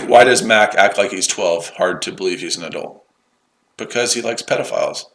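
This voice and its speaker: Combative trading streamer, lowish forceful voice, mocking and sweary toward chat. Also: male voice, moderate pace, low-quality recording. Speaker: day-trading livestream host. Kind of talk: live-stream chat answering viewers. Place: his shed.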